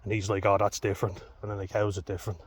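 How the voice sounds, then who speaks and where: A man's voice: fairly low pitch, little pitch movement, racing, slightly rough. A man telling a personal story to camera, blunt and frank, swearing heavily. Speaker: vlogger.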